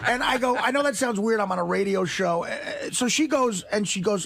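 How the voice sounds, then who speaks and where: A man's voice: high voice, lively intonation, quick pace, vocal fry, hardly any pauses, fairly bright tone, dry recording. A man on a radio talk show, telling a rambling, profane story and laughing through it. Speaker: regular guest comedian telling a story.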